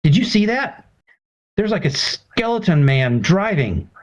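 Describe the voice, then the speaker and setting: A man voicing a frightened young woman at the wheel who fires off panicky, rattled questions, in a higher voice than his own. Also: very animated, unhurried.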